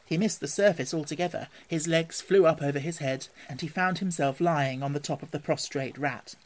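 A man reading a classic storybook aloud in an expressive, gently animated way. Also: fairly high pitch, normal speed. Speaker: narrator.

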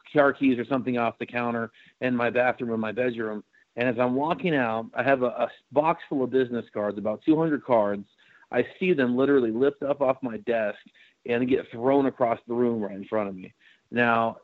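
A man's voice: mid-range voice, no room sound. Guy rambling thru a spooky investigator story, lots of ums, dry kinda muffled sound. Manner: rambling, many fillers and restarts. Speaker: paranormal investigator. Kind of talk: casual storytelling interview. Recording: dry, slightly muffled recording.

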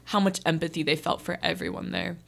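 A woman's voice: on the low side, fairly even intonation, fast, gravelly, a bit bright. A teenage girl hosting a podcast, earnestly telling a personal story in casual chat and saying "like" often. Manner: earnest, heavy use of "like". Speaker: podcast host.

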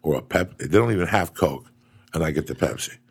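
A middle-aged man hosting a casual chat, a profane and animated storyteller with a gravelly, husky voice. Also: extremely low pitch, fairly quick.

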